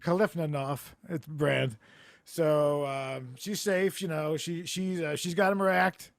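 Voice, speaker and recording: Male comedy podcast host: slightly high, gravelly voice, dry close mic, rambling deadpan storyteller on a video call. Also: slow, no echo. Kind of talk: casual comedic chat. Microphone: remote video call.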